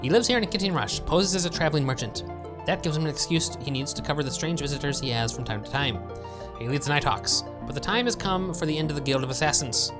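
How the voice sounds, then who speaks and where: A man's voice: fairly high pitch, animated, fast, over music, natural voice. A man reading aloud as a stern, grim male temple lector, in a solemn, commanding way. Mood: grave. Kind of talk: reading game dialogue aloud.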